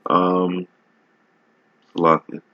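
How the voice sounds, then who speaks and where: A man's voice: low voice, monotone, extremely slow, muffled recording. A man giving casual, emphatic religious commentary over a video, rambling and often asking "all right?". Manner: rambling with many restarts while browsing.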